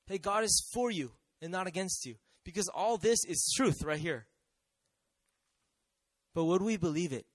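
A man preaching a sermon, swinging between emphatic declarations and quiet, conversational asides to his congregation. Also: high voice, expressive, moderate pace, long pauses, no echo. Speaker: pastor.

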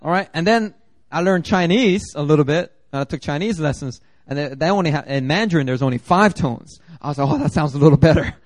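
A fairly high-voiced man preaching with animated, jokey storytelling, now and then slipping into mimicked voices. His delivery is lively and conversational, and the sound is close and dry, with no room echo. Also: fairly quick. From Philadelphia area. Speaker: pastor. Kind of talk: sermon.

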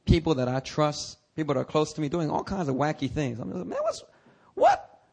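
A male pastor delivers a sermon in a somewhat high voice. He talks frankly with his congregation, then swings into dramatic, rising cries. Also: fast talker, creaky. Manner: animated, preaching with dramatic outbursts and rising cries; conversational, candid asides to the congregation.

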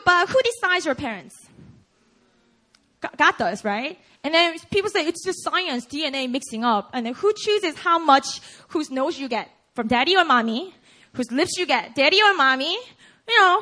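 A woman's voice: high-pitched, sharp tone. A young woman pastor preaching a sermon, playful, laughing and putting questions to her congregation. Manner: asks the audience questions.

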